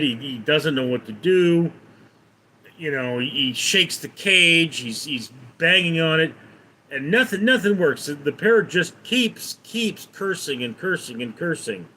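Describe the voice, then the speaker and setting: A man's voice: fairly high pitch, pushed and bright, slight background noise, poor audio. A man chatting casually on a live stream, telling a rambling joke and reading out and answering viewer comments. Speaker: livestreamer. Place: home in Los Angeles.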